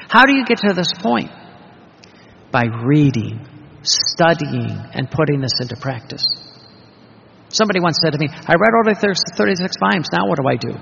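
Gravelly preacher in a reverberant hall. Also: male voice, a little high, fairly bright tone, slight background noise. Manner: emphatic, rhetorical questions. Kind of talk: sermon. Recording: dull reverberant hall recording.

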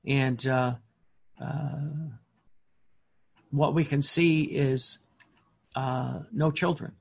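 A man preaching a sermon in an earnest, emphatic way, often pausing on fillers and restarting his words. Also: medium pitch, steady tone, creaky, breathy edge.

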